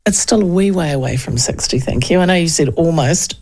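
A chatty New Zealand woman in her fifties hosts a talk radio show, her voice carrying a gravelly edge of fry. She rambles from point to point, telling stories with plenty of asides. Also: deep voice, fairly quick, darkish tone. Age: 50s. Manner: chatty, digressive, acts out quoted talk.

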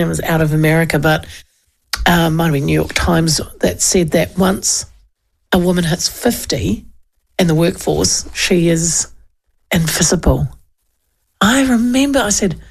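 A woman's voice: on the low side, gravelly, husky. A New Zealand woman in her fifties, hosting a casual radio chat in a chatty, storytelling way with lots of restarts. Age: 50s. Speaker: radio host. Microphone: studio mic with headphones.

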